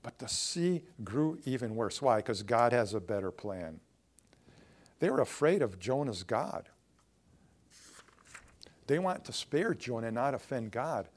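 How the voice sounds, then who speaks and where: A man's voice: mid-range voice, big pitch swings, unhurried, long pauses. A male pastor preaching a sermon in a conversational way, asking the congregation rhetorical questions as he goes.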